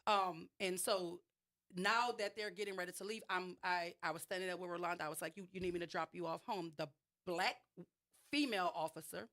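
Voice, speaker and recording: Slightly low-voiced woman, New Orleans accent, radio guest, emphatic storytelling with restarts. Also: fairly even intonation, fairly quick, fairly bright tone. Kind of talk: radio interview, personal account.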